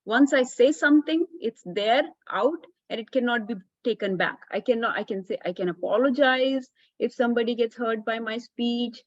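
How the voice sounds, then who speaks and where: A woman's voice: fairly high pitch, moderate pace, hardly any pauses, dry recording, dull audio. A woman teaching a children's class, explaining patiently and often checking in with "right?".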